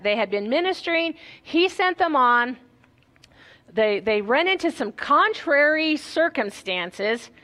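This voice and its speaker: High-voiced woman pastor preaching casually. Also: a bit bright. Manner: conversational preaching with rhetorical questions. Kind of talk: sermon.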